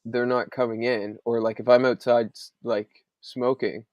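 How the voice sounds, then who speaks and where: A man in his thirties, a podcast host, telling family stories in an animated, casual way with many fillers. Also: mid-range voice, normal speed, dry recording, highs cut off. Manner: animated storyteller, frequent "like" fillers. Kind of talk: casual chat.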